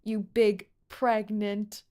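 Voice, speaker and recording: A woman's voice: mid-range voice, flat delivery, very slow, dark tone. A woman streaming a game, chatting in a giggly, playful, teasing way. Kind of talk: game livestream commentary.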